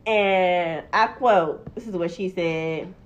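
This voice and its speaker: A woman's voice: fairly low pitch, slow pace. A young woman telling a story in casual chat, acting out the quotes and swearing freely. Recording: dull lo-fi recording.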